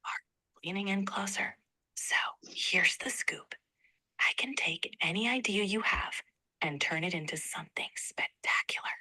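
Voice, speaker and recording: A woman's voice: medium pitch, normal speed, sharp tone, whispered. A synthetic woman's voice speaking as an AI assistant in upbeat, playful chat. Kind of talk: chatty assistant replies.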